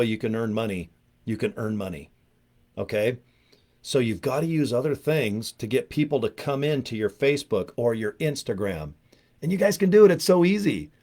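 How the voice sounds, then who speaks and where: A man at an ordinary, middle pitch leads a loose network marketing training. He rambles and jokes, wandering into asides before he gets back to his point. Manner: rambling, animated, joking, with frequent asides. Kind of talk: casual training talk.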